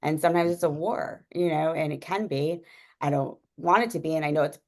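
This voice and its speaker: A woman's voice: low voice, fairly quick. A young woman telling a personal story in a casual, rambling way, with many fillers and frequent laughs. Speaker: guest sharing a personal story.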